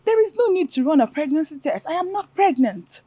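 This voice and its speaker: A woman's voice: medium pitch, fairly quick, natural voice. A woman playing an indignant Nigerian maiden. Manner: defensive, indignant. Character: young female palace maiden, defensive.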